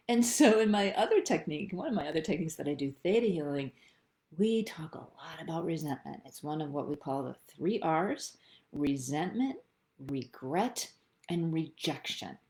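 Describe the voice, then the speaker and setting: A middle-aged woman with a fairly low voice leads a live online tapping lesson. She talks in a chatty, upbeat way and thinks out loud as she goes. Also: animated, moderate pace. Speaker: EFT tapping practitioner.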